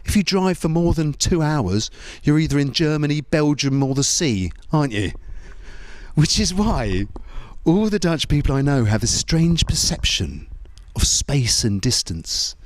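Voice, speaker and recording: A man doing a stand-up comedy routine, chatty, leaning on tag questions and stumbling into quick restarts. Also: on the high side, big pitch swings, no echo.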